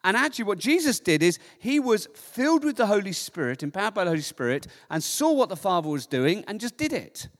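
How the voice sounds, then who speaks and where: A man preaching a sermon as pastor, lively, now and then acting out voices of people in the story. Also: sits high, brisk, few pauses, big-room sound.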